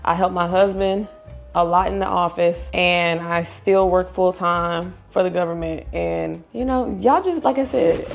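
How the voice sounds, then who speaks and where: A woman's voice: lowish voice, measured pace, vocal fry, faint music behind. A woman, hosting a casual cooking vlog in her home kitchen, chatty and candid. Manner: chatty, candid, laughs often. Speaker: YouTube cooking channel host.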